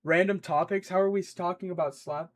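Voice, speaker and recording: A young man streaming live, thinking out loud as he codes and answering his chat in a rambling, playful way. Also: sits high, fairly even intonation, a little fast, a little hiss or hum.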